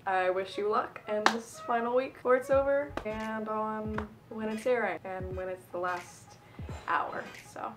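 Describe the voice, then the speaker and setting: A woman's voice: mid-range voice, steady tone, normal speed, hardly any pauses, music in the background. Bubbly, emotional woman vlogging. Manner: bubbly, emotional, laughs often; lots of fillers and self-corrections. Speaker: fan channel vlogger. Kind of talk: casual chatty vlog.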